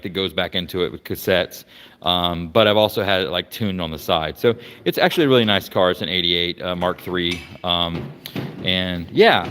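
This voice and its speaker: Casting: lowish-voiced man, rambling garage walkaround vlog, long reverb around him. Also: background noise. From Florida, United States. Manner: rambling, many fillers and restarts. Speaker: vlogger showing his car collection. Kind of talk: casual walkaround chat. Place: garage workshop.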